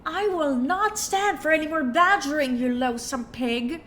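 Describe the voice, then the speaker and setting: Woman voicing a haughty socialite, breathy drawl, insults everyone, slightly stuffy with a cold. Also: high voice, a little slow, fairly bright tone, a little hiss or hum, pitched above the performer's own voice. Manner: breathy drawling impression of a famous actress; contemptuous, insulting. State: has a cold. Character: haughty wealthy woman, snooty and scornful.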